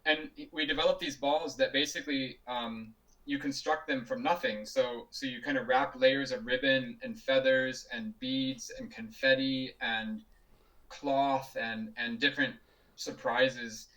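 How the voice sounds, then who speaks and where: A man's voice: medium pitch, fairly even intonation, unhurried, bright, forceful tone, far from the mic, poor audio. A man being interviewed over a video call, telling stories casually with frequent laughs and restarts. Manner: chatty, laughs often, many restarts. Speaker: juggler and guest.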